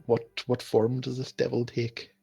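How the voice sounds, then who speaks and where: A man voicing a large, earnest half-orc who speaks sincerely in a slow, halting way. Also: mid-range voice, monotone, vocal fry, dark tone, husky, dry recording, muffled recording, faint music behind.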